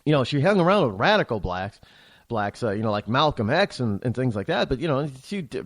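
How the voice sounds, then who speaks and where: A man's voice: medium pitch, sing-song, fairly quick, no room sound. A man hosting a talk show, delivering a heated, opinionated political monologue that rambles with frequent restarts.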